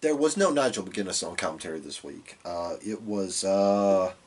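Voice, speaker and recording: Husky-voiced man recapping wrestling casually. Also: sits low, moderate pace. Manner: relaxed, filler-heavy recapping with quoted asides. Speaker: podcast co-host.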